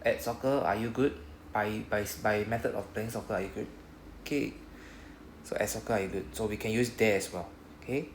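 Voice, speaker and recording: A man's voice: fairly low pitch, fairly even intonation, slight background noise. Singaporean man, Japanese teacher, patient step-by-step drilling, echoey room. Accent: Singaporean English. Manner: patient, explains step by step, drills phrases slowly. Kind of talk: classroom teaching. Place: classroom.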